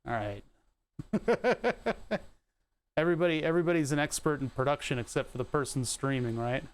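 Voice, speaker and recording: A man with a fairly high voice and lively intonation chats at a moderate pace while livestreaming a keyboard fix. Swearing and rambling, he keeps cracking himself up, and an air conditioner runs in the room at home.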